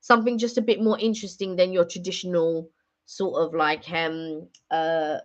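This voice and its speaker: A woman's voice: on the low side, level tone, moderate pace. A woman hosting a casual live stream chat, rambling and chatty with many fillers. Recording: dull lo-fi sound.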